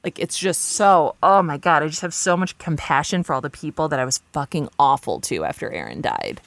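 This woman in her forties talks fairly quickly in a low, sing-song voice that's a bit bright, with vocal fry and no room sound. As a guest she tells frank, profane, self-mocking stories, restarting often and leaning on fillers.

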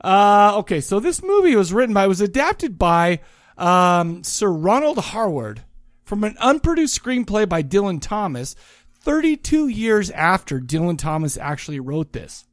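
A man's voice: high voice, sing-song, moderate pace, no echo, clean studio sound. A man co-hosting a casual podcast, rambling and joking as he chats about films. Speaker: podcast co-host. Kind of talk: casual movie and music chat.

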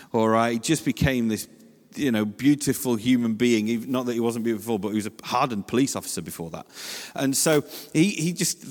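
A man from England giving a chatty, story-driven church talk, acting out the voices in his anecdotes and adding lively asides. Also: mid-range voice, big-room sound.

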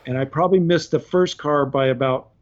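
Animated man spinning a road story. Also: fairly high pitch, brisk, muffled recording. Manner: animated, laughs between points. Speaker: podcast guest. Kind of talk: casual anecdotal storytelling.

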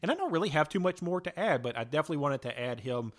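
A man's voice: a little high, lively intonation, racing. A man co-hosting a casual podcast, talking enthusiastically and rambling with fillers. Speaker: podcast co-host. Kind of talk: casual chat.

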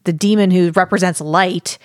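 A podcast co-host chats casually about a book, her fairly low voice holding a mostly even intonation at a moderate pace. Her talk is full of fillers, restarts and laughter. The recording is studio quality with no echo.

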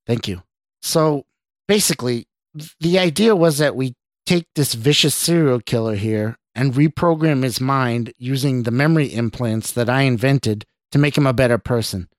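A man's voice: mid-range voice, normal speed, no echo, clean studio sound, pitched above the performer's own voice, close to an everyday voice. A man voicing a nervous young male scientist who stammers and pleads defensively, in a story reading. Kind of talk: audio drama reading.

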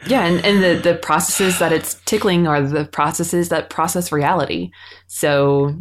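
A woman co-hosting a podcast, recapping a TV episode in an animated, exclaiming way. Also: fairly low pitch, unhurried. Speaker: podcast co-host. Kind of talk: casual chat recapping a TV episode.

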